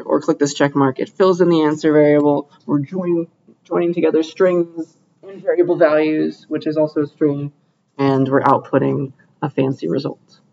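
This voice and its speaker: A young man lecturing in a room, upbeat and often pausing to check the class is following. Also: a little high, gravelly, a little mellow, dull audio, slight background noise. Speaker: computer science lecturer.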